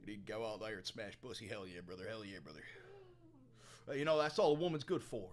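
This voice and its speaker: A young man playing a crude, brash livestreamer who swaggers, swears and swings from mumbling to shouting. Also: fairly low pitch, lively intonation, fast, a little hiss or hum, natural voice. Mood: swaggering. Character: crude brash male livestreamer, calls everyone brother. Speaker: comedian. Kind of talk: comedic character sketch.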